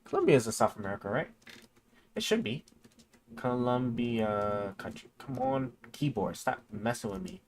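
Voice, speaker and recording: A man streaming casually, rambling and stammering with many fillers as he reads and thinks aloud, dropping quieter while he reads and perking up again. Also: mid-range voice, sing-song, normal speed. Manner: drifts quieter when reading to himself, then perks up.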